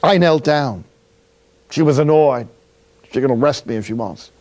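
A friar from City, preaching a sermon through a lively personal story with acted-out dialogue. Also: male voice, medium pitch, normal speed. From Jersey City, New Jersey.

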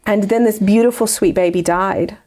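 Woman guest, mid-pitched, earnest and heartfelt, personal story told with many ums. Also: moderate pace, warm tone. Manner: earnest, heartfelt, with frequent fillers. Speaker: interview guest.

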